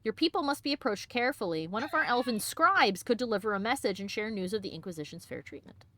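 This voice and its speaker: A woman's voice: a little high, lively intonation, fast talker, bright, forceful tone, no room sound. A woman hosting a game let's play, chatting playfully, stumbling over fantasy names and reading in-game letters aloud.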